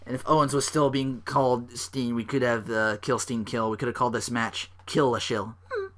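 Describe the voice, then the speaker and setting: A man's voice: medium pitch, normal speed, a bit bright. A man hosting a solo podcast, rambling with lots of "like" fillers and restarts. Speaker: podcast host.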